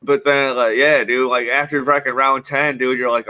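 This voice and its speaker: A man with a bright, forceful voice talks casually about old games, swearing freely. His delivery is animated and loose, like friends hanging out. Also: mid-range voice, normal speed, hardly any pauses. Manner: profane, animated gamer banter. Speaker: podcast host. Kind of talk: casual chat.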